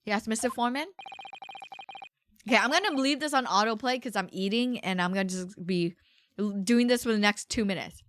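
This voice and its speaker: A woman's voice: fairly high pitch, fairly quick. A woman streaming a video game, chatting playfully and talking with her mouth full. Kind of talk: casual gameplay commentary. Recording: background game music.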